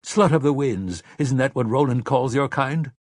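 A man's voice: mid-range voice, expressive, moderate pace, darkish tone, dry recording, clean studio sound, pitched above the performer's own voice, close to an everyday voice. A man doing a suave, mocking villain. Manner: smooth, condescending. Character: suave sinister male vampire lord, mocking.

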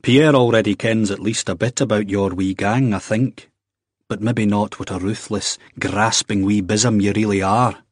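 A man's voice: on the low side, fairly even intonation, normal speed, dry recording, studio quality, lightly acted. A man doing a stern Scottish man. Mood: menacing.

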